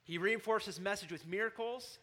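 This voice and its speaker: Fiery, high-pitched preaching man. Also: fairly quick. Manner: dramatic, shifts between low asides and shouted emphasis. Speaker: pastor. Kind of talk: sermon.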